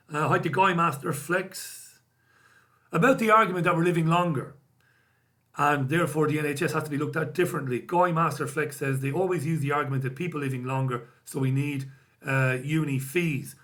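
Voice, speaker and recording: Wry Irish man, slightly high voice. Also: fairly bright tone. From Ireland. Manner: casual, wry, self-deprecating banter. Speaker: host. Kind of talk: solo live-stream chat reading viewer comments.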